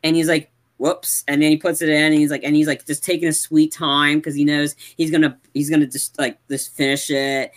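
A man's voice: a little high, flat delivery, fairly quick, hardly any pauses, fairly bright tone. A man co-hosting a podcast, casually retelling movie scenes in a rambling way full of fillers. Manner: rambling, many fillers like "like" and "yeah". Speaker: podcast co-host. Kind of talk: casual chat recapping a film.

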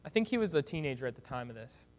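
A man's voice: medium pitch, big pitch swings, very fast, darkish tone. A man preaching a sermon as pastor, speaking in an earnest, exhorting way.

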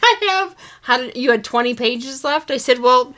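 A woman joins a podcast in casual chat as a guest. She tells her anecdotes in a dry, teasing way. Her voice is high and bright, with a forceful edge. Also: expressive, moderate pace.

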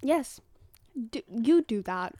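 A woman's voice: a little high, lively intonation, slow, a crowd in the background. A young woman co-hosting a podcast over a video call, holding a mic in her hand, giggly and playful. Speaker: podcast co-host. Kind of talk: casual chat. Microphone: handheld mic on a video call.

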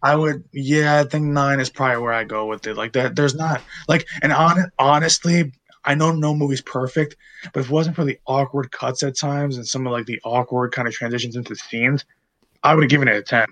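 A man's voice: medium pitch, fairly even intonation, a little fast, a bit bright. A man in his late twenties co-hosting a podcast, chatting casually about a movie in a rambling way full of fillers and restarts. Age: late 20s. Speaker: podcast co-host. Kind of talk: casual movie-review chat.

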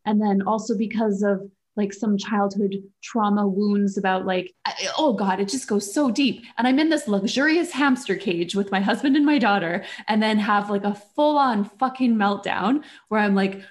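Woman co-host and coach, casual storyteller, animated and chatty, mid-pitched, swears freely. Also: moderate pace, few pauses. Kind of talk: casual chat. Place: lives in Germany.

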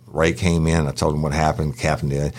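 Male co-host, very low voice, blunt profane storyteller. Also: brisk. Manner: profane, animated anecdotes with acted-out quotes. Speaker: podcast co-host, former prison guard. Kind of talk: casual storytelling.

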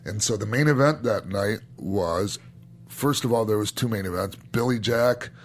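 A middle-aged man with a lowish voice, reminiscing in loose, casual podcast talk. He is enthusiastic and swears freely, often trailing off and starting his sentences over. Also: normal speed. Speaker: podcast host and former wrestler. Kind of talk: casual storytelling chat.

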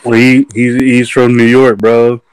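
A man's voice: mid-range voice, level tone, measured pace, smooth, no room sound, rough recording. A young man joining a live stream as a guest, telling stories in chatty slang and laughing easily. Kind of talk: casual chat.

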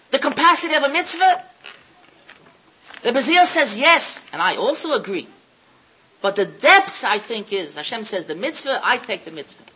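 A woman's voice: high-pitched, sharp tone, rough recording. A woman giving a religious lecture, telling stories with emphasis and repeating key phrases. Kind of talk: Torah lecture with storytelling.

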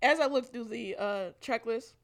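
A woman co-hosting a casual podcast chat, teasing and emphatic as she talks, laughing often. Her voice sits a little high for a woman. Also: normal speed. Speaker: podcast co-host.

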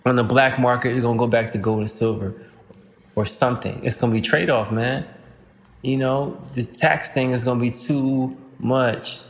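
A man holds forth on his podcast in a relaxed, rambling monologue full of slang. His voice sits at a middle pitch. Every phrase trails off into a long, hall-like reverb. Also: normal speed. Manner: loose, rambling, slangy, breaks into rhymes. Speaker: podcast host. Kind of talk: casual monologue.

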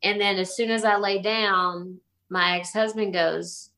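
A middle-aged woman telling a ghost story casually in an animated way, acting out the voices she quotes. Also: medium pitch, unhurried. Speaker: guest telling a haunting story.

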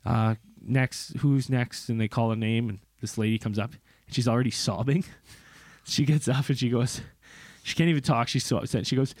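A young man co-hosting a podcast, telling a story casually, swearing and mimicking people in squeaky voices. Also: a little fast, dry recording, studio quality. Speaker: podcast co-host.

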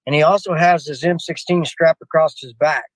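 A man's voice: fairly high pitch, fairly even intonation, normal speed, dry recording, rough recording. An older man telling a personal story to a host in a rambling way. He often restarts his sentences and keeps turning to the host by name. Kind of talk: rambling spoken anecdote.

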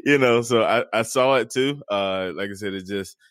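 A man's voice: lowish voice, normal speed, a bit bright, no room sound, clean studio sound. A man hosting a podcast, talking in a laid-back, joking way and laughing often. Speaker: podcast host. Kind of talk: casual podcast conversation.

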